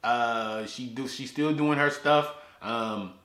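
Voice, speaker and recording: A man's voice: mid-range voice, slow pace, fairly bright tone. Rambling man podcasting from an echoey garage. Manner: rambling, repeats words and restarts often. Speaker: podcast host. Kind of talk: casual solo podcast talk. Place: his garage.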